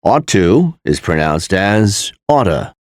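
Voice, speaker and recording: A man announcing textbook audio tracks and pronunciation notes in a slow, deliberate, instructional manner. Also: fairly low pitch, very animated, no room sound, clean studio sound.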